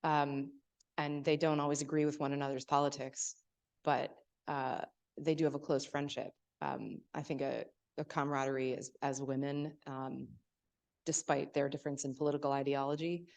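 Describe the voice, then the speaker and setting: A woman's voice: rumbling low, flat delivery, normal speed, a little mellow. A woman author speaking at a library event, telling stories in a hesitant way, with frequent fillers and restarts.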